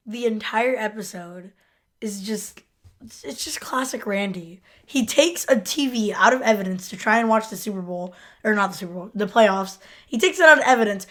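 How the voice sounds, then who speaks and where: A woman co-host with a fairly high voice, talking in a relaxed, low-key way. She recaps a TV episode in casual, unscripted chat and readily laughs along with her co-host. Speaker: podcast co-host.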